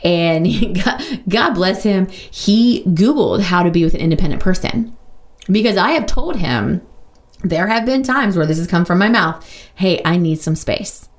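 A woman hosting a podcast, talking openly and casually about her own life, with lots of "like" and quick asides. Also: mid-range voice, expressive. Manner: open, chatty, full of "like" and quick asides. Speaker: podcast host. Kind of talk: candid personal monologue.

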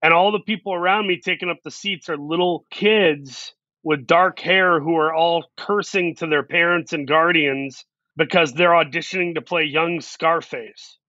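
A man telling animated anecdotes as a guest in an interview, acting out what people said to him. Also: fairly high pitch, moderate pace, dry recording, dull audio. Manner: animated anecdotes with quoted asides. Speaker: actor guest. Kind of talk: storytelling interview.

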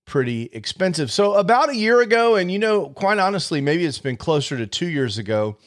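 A man hosting a podcast, explaining editing software in a casual, conversational monologue with wry asides. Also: high-pitched, very animated, a little fast. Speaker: podcast host.

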